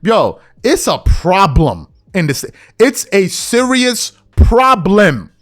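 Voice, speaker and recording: A man hosting a podcast, delivering an opinion rant and mocking others in high, whiny put-on voices. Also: sing-song, takes it slowly, fairly bright tone. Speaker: podcast host.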